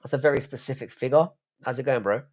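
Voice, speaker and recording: A man's voice: mid-range voice, fast, a little mellow. A man from the United Kingdom hosting a late-night live stream, rambling casually, swearing often and answering chat messages aloud.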